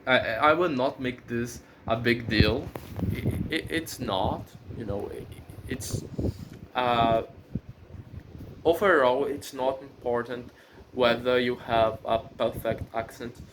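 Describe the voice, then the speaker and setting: A man who is not a native English speaker talks unhurriedly to his own channel in a casual vlog. He pauses often and restarts his sentences as he thinks aloud. Faint background noise sits under the recording. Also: medium pitch. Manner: hesitant, many fillers and restarts, thinking aloud. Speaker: channel host.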